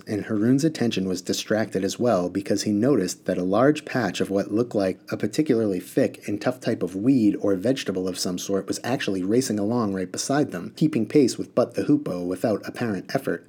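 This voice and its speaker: Man, storybook reading, low pitch, dark mellow tone. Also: fairly quick, husky. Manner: steady storytelling, casual asides. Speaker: reader. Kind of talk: reading a children's novel aloud.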